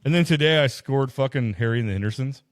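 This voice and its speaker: A podcast co-host with a mid-range voice talks at a quick pace in clean studio sound with no echo. Chatting casually, he swears a lot and acts out quotes as he tells stories.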